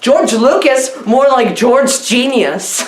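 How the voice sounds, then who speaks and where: A woman rambles through a comic film review with gushing, over-the-top praise and constant giggles. Her fairly high voice swoops up and down with lively excitement. The sound is roomy and echoey, with a faint hiss behind it. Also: takes it slowly. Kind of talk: mock-enthusiastic comedic film review.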